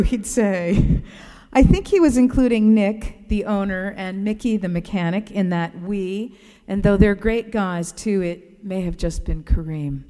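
A woman reading a personal essay aloud in a gentle, reflective storytelling way. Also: mid-range voice, in a large hall. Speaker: narrator.

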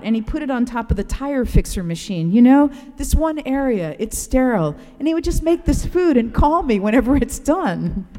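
Warm-voiced woman reading a reflective story. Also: mid-range voice, long reverb tail. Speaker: narrator. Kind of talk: reading a personal essay aloud.

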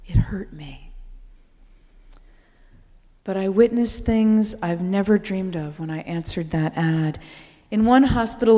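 A woman giving a slow, contemplative spoken reflection to a gathering, often dropping to a breathy whisper. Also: medium pitch, mellow. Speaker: speaker sharing reflections. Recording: long reverb in a hall.

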